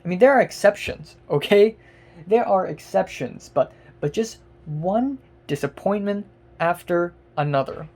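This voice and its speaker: A woman vlogger delivering an angry, profane rant, exasperated, with repeated words and bursts of loudness. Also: fairly low pitch, lively intonation, unhurried.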